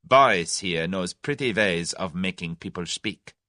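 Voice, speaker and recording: An actor voicing a cold, commanding German conspirator with a clipped, threatening delivery. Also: male voice, sits low, expressive, a little slow, bright, forceful tone, no echo, studio quality, heavily acted.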